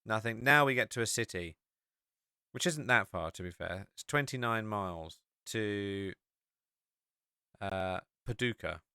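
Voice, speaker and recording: A man's voice: lowish voice, animated, measured pace, pauses often, bright, forceful tone, smooth, dry recording, clean studio sound. An English man hosting a podcast, chatting casually and rambling with many fillers while he walks through a map on screen. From England. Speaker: podcast host.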